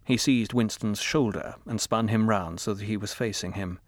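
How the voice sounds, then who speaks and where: A man narrating an audiobook with measured, grave storytelling. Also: on the low side, no echo. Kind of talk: scripted narration.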